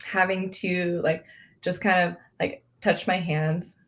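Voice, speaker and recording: A woman's voice: on the low side, level tone, takes it slowly, fairly bright tone. A woman coach in a casual group discussion, speaking thoughtfully with hesitant restarts.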